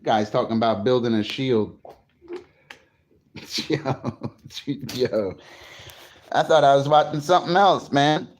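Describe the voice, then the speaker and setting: A man's voice: mid-range voice, takes it slowly, long pauses. A man from New Jersey chatting casually on a morning livestream, greeting viewers and swearing freely. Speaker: livestream host.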